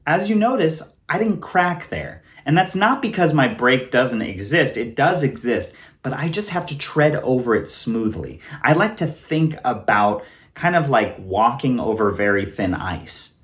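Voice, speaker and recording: A man's voice: mid-range voice, very animated, unhurried, fairly bright tone. A man in his thirties from California, giving a casual singing lesson to camera and demonstrating sounds with his voice. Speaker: voice teacher.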